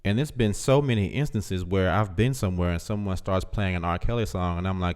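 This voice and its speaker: A man's voice: deep voice, a little fast, a little mellow. A man hosting a live call-in show, talking bluntly and with emphasis to his audience. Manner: blunt, emphatic, addresses chat directly. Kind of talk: casual commentary.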